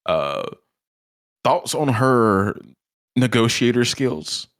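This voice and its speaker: A man's voice: mid-range voice, sing-song, drawn-out words. A man co-hosting a casual podcast chat in a laid-back way, full of filler words. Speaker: podcast co-host.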